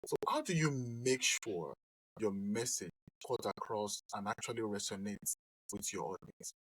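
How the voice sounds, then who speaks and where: Low-voiced male podcast host. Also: expressive, a little slow, fairly bright tone, breathy edge. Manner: echoes the guest's points before asking questions. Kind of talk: interview host.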